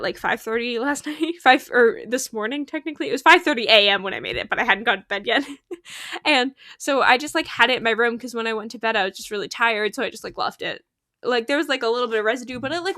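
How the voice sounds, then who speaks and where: A woman's voice: fairly high pitch, bright, forceful tone, no echo, studio quality. A young woman chatting casually while livestreaming a game, rambling with lots of fillers and laughs, sleepy and yawning. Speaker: streamer.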